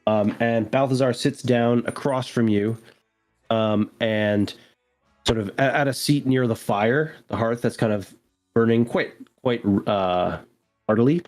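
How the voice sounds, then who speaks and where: A man's voice: mid-range voice, measured pace, a little mellow, soft background music. A man narrating a tabletop game as game master, loose and descriptive with lots of fillers.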